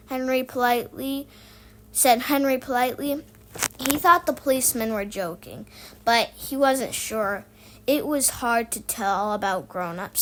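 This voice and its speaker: A woman reads a children's book aloud in a high, lively voice. She acts out the sound effects as she goes. A faint hiss sits behind her. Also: a little slow, rough recording. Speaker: reader.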